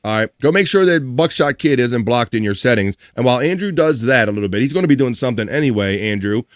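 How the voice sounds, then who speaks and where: A man hosting a casual live stream, chatting in a jokey, animated way and mimicking others. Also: medium pitch, fast talker. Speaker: host.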